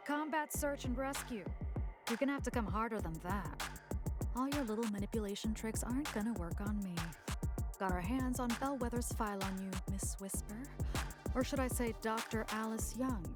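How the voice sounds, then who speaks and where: A woman's voice: medium pitch, lightly acted. An actress playing a tough female combat-rescue soldier in a video game, taunting and defiant. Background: loud game music.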